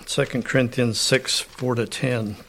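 Slow, unhurried male preacher. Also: medium pitch, steady tone, fairly bright tone, slight background noise. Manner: slow, unhurried preaching with frequent throat clearing; reads scripture aloud with rising emphasis. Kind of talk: sermon.

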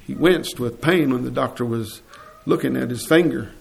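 A man preaching a sermon, telling a story earnestly and clearing his throat now and then. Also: medium pitch, normal speed, a little hiss or hum.

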